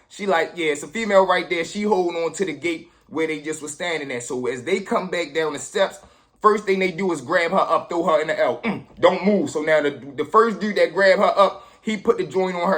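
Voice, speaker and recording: Animated man telling street stories. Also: high-pitched. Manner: animated, street slang, acts out quotes. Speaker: storyteller host. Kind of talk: casual storytelling to viewers.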